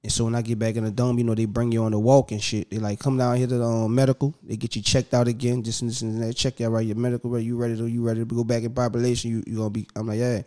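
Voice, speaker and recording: A man, a podcast guest telling stories in animated casual talk, acting out voices and laughing often. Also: mid-range voice, very fast, few pauses. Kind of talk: casual storytelling.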